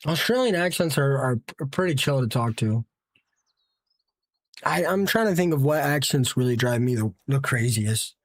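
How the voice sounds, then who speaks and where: Exasperated streamer with a lively, swooping voice. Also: medium pitch, normal speed. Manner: exasperated, repeats disbelieving questions, talks to chat. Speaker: streamer playing a battle royale game. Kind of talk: live gameplay commentary chatting with viewers.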